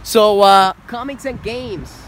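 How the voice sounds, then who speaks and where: Guy vlogging out and about, kinda high voice, rambly and hyped, lots of ums, faint noise behind. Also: takes it slowly. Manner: excitable, rambling with many fillers. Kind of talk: casual vlog chat. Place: outdoors and in a car around shops.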